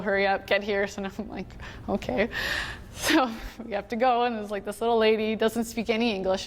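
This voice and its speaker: A young adult woman from Canada telling a personal story at a conference, chatty, with many fillers and quoted voices. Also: medium pitch. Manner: chatty, many "like"s, quotes others, emotional at moments. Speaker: conference speaker. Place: conference hall. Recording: long hall reverb, faint room noise.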